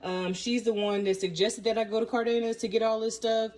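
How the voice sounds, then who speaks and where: A woman's voice: fairly high pitch, level tone, a little fast, darkish tone, far from the mic. A woman, chatting through a home cooking demonstration in a folksy, storytelling way full of fillers. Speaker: cooking vlogger. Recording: roomy echo, mic set back, faint room noise.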